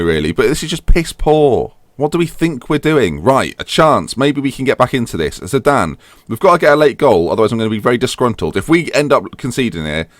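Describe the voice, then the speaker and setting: Animated young man grumbling over a football game. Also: fairly low pitch, no room sound, studio quality. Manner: animated, swings from grumbling to yelling at goals. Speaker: gaming YouTuber. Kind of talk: commentary while playing a football manager game.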